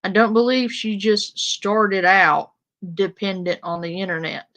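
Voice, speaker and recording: Unhurried and a bit bright, this medium-pitched woman's voice belongs to a commentary streamer in a casual live stream. She talks to her chat bluntly and confrontationally, with plenty of fillers.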